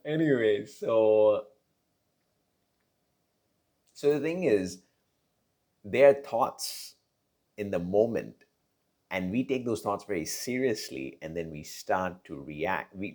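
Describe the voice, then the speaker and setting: A man's voice: extremely low pitch, a little mellow. A man giving casual relationship advice in a conversational monologue, with many fillers, restarts and frequent "right?" tag questions.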